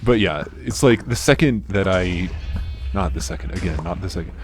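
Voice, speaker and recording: Man, very low voice, soft mumbly delivery, casual game commentary, faint background hiss. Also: lively intonation, normal speed. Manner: low-energy, understated, self-deprecating. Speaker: gaming channel host.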